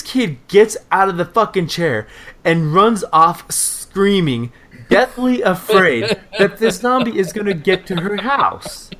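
A man in his thirties hosting a casual parenting podcast, telling a funny story with lots of swearing and squealing high when he mimics his scared child. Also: expressive, unhurried, a bit bright. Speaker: podcast co-host.

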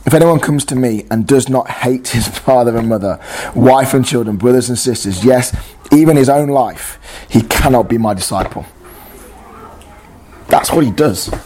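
A man's voice: lowish voice, darkish tone, a little hiss or hum. Earnest, conversational male preacher. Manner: conversational, earnest, with quick restarts and acted inner dialogue. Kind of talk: informal sermon.

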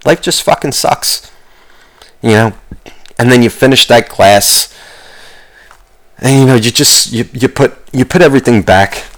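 A man's voice: mid-range voice, measured pace, long pauses, poor audio. Rambling, swearing man musing aloud. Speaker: vlogger. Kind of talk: rambling comic rant.

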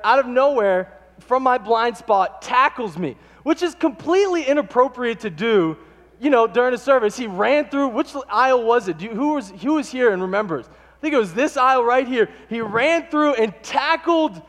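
A man preaching a sermon to his congregation, telling animated stories and acting out the quotes. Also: very high-pitched. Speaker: pastor. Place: church sanctuary. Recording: long hall reverb.

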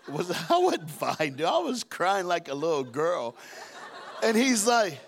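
Animated preacher man. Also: unhurried, slight background noise. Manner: animated, acts out scenes with shouted high voices and deep voices. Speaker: guest preacher. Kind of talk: storytelling sermon. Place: church auditorium.

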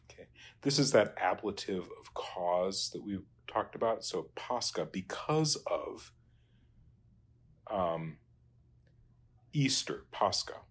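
A man working through Latin translation exercises as a teacher, halting and trailing off quietly. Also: deep voice, animated, husky. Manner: halting, many fillers and restarts, trails off quietly.

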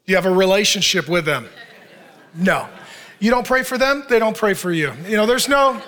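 A man delivers a sermon in a church, loose and conversational rather than formal. His voice sits high and carries a bright edge. He keeps the congregation involved with questions and dry humor. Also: lively intonation, normal speed. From Arizona, United States. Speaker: pastor.

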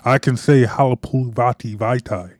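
Guy on a sports podcast, mellow warm voice, punchy quick replies, dry mic. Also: medium pitch, steady tone, no room sound. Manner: quick back-and-forth agreement, punchy remarks. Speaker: podcast co-host. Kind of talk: casual sports talk.

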